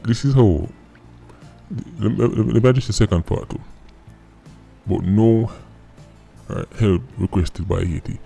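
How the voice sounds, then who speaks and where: Dark-voiced Jamaican man, mocking commentary. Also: fairly low pitch, a little slow, vocal fry, pauses often. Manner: sardonic and mocking, rhetorical questions. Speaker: vlog host. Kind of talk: political commentary vlog. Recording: faint background music.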